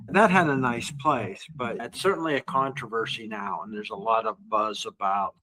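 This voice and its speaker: Halting man hosting a running podcast. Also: lowish voice, sharp tone, low-quality recording. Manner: halting, restarts often. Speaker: podcast host. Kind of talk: interview questions.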